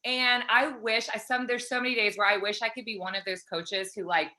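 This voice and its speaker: A woman in her thirties, a fitness coach talking fast and excitedly as a guest on a call interview. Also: medium pitch. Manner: excited, fast-flowing, pep-talk energy.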